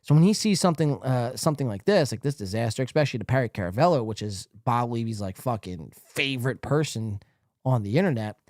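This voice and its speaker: A man's voice: medium pitch, animated, fast talker, a little mellow, no room sound, clean studio sound. A man hosting a podcast, commenting casually on clips in a crude, rambling way with plenty of swearing. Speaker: podcast host.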